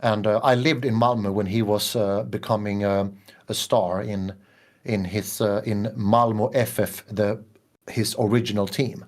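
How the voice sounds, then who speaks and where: Man with a lowish voice. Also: fairly even intonation, a little slow. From Sweden. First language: Swedish. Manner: enthusiastic, chatty. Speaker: guest composer. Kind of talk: casual conversation.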